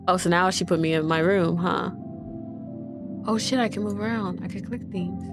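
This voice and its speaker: A woman's voice: fairly low pitch, fairly even intonation, normal speed, over music. A woman casually commenting while playing a video game, reading game text aloud and swearing freely. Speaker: gaming youtuber. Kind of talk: casual let's-play commentary.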